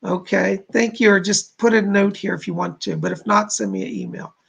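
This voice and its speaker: A man's voice: sits high, fairly even intonation, fairly quick, vocal fry, husky, muffled recording. A man hosting a live stream as a psychic medium, chatting with viewers and relaying messages with many "she said" asides.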